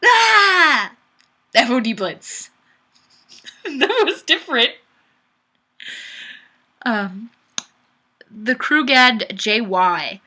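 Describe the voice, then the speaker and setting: This young woman livestreams from her room, reading viewers' comments aloud in bubbly, giggly, self-deprecating chat captured by her webcam mic. Her voice is on the high side and very animated, with drawn-out words, long pauses, and a bright, forceful tone.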